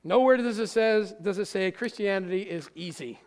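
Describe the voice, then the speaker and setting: A man preaching a sermon as pastor, animated and often asking the audience questions. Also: high voice, normal speed. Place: church sanctuary. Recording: church hall with long reverb.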